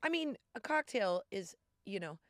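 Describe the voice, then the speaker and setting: A woman's voice: mid-range voice, big pitch swings, moderate pace, no echo. Woman, podcast guest, slight lisp, sarcastic, dry close sound. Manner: blunt, sarcastic, wisecracking. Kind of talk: casual comedy podcast chat.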